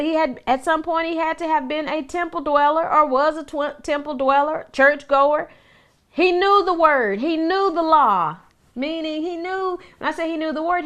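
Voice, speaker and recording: A middle-aged woman, a minister giving a conversational Bible teaching, talking to her listeners with rhetorical questions and frequent restarts. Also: high-pitched.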